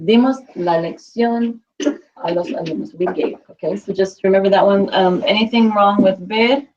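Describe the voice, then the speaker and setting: A woman's voice: mid-range voice, darkish tone, highs cut off. A woman teaching a Spanish class, patiently quizzing students and repeating their answers.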